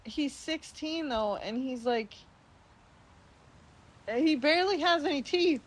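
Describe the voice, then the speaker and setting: A woman's voice: high-pitched, lively intonation, slow. A young woman, a guest on a casual podcast, chatting and laughing often as she talks. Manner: giggly, laughs often while talking. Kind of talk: casual chat.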